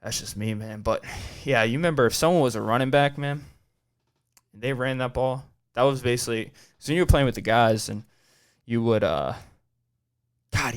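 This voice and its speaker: A man in his twenties hosting a podcast, telling loose, profane childhood stories in a laid-back way, peppered with man and dude. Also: mid-range voice. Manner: rambling, profane storytelling. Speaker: podcast host. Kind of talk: casual chat.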